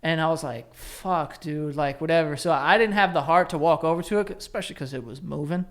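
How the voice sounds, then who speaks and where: A man's voice: a little high, brisk. A man co-hosting a casual podcast chat, laid-back and slangy, who swears and laughs easily. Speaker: podcast co-host.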